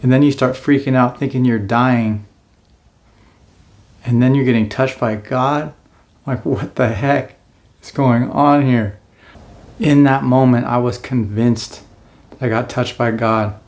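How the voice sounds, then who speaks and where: A man's voice: mid-range voice, fairly even intonation, unhurried, long pauses, darkish tone. A man in his forties telling his own life story in a casual, earnest way, now and then acting out what he said back then. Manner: earnest, acts out his own past lines.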